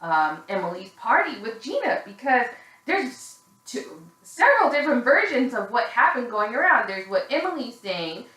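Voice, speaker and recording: A woman's voice: medium pitch, sharp tone, echoey room, low-quality recording. A woman casually recapping a reality show, candid and gossipy, swearing freely with plenty of fillers, sounding a little tired.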